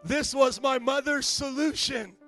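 A middle-aged man preaching a sermon as pastor, telling humorous stories in an animated way. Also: very high-pitched, unhurried, gravelly, soft background music.

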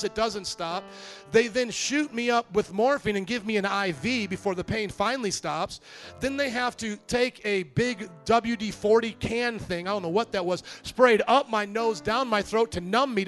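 A man with a fairly high voice preaches to his church, animated and storytelling, slipping into little acted voices. Soft music sits faintly behind him. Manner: lively storytelling, acts out quoted voices. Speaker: pastor. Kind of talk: sermon.

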